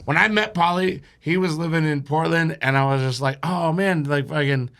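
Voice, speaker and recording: A man with a gravelly, slightly high voice tells a long, rambling story on a podcast. He swears freely and laughs along as he talks. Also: moderate pace, a bit bright. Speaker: podcast guest. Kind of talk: casual storytelling.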